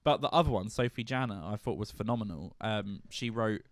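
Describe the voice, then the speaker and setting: A man's voice: lowish voice, brisk, dry recording, clean studio sound. Playful, jokey man on a podcast. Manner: playful, jokey, laughs often. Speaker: podcast co-host. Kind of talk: casual chat.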